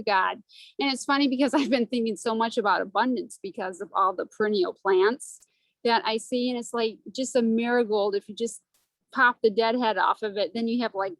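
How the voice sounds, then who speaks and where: A woman's voice: on the high side, dry recording, rough recording. A woman telling a personal story on a video call in a rambling, earnest way, close to tears. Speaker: study group member.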